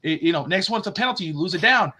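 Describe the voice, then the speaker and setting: A middle-aged man co-hosts a relaxed sports talk podcast, speaking fast in a high-pitched voice. He's an animated storyteller who acts out the quotes of the people in his tales.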